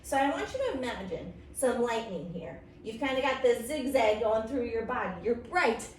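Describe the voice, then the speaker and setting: Playful high-voiced woman leading kids' yoga. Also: expressive, moderate pace. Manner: encouraging, playful, makes silly animal sounds. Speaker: kids yoga instructor. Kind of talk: guided children's yoga story time. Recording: roomy, from a distance, faint noise.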